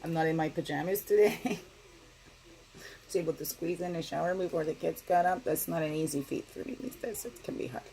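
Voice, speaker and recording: A middle-aged woman giving a casual daily spiritual card reading, talking in a gentle, meandering way and often asking "right?". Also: sits low, a little fast, gravelly, slight background noise, poor audio.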